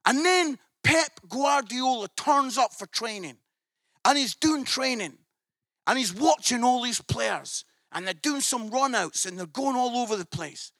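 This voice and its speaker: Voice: medium pitch, animated, unhurried, fairly bright tone, no echo, clean studio sound. A preacher telling a story in a sermon, swelling into emphatic outbursts.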